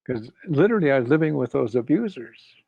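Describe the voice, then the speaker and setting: An older man from Canada, a guest in an interview, slowly and reflectively telling a personal story and retelling what others said. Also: medium pitch, big pitch swings, creaky, slightly rough, no room sound. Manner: slow, reflective, retells quoted speech. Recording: dull lo-fi dry sound.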